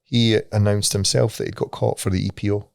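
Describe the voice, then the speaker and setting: A man's voice: fairly low pitch, level tone, brisk, vocal fry, a little mellow, no echo, studio quality. A Scottish man co-hosting a podcast in casual chat, swearing freely and laughing at his own stories. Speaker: podcast co-host.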